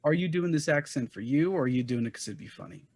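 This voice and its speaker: A man's voice: fairly high pitch, animated, fast, a little mellow, no echo. A man on a podcast panel, speaking candidly and personally with wry asides. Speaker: panel guest. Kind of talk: casual panel discussion.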